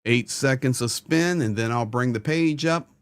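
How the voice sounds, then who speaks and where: A man's voice: medium pitch, normal speed, clean tone, no echo, studio quality. A man hosting a live stream, earnestly rattling off names and donation amounts.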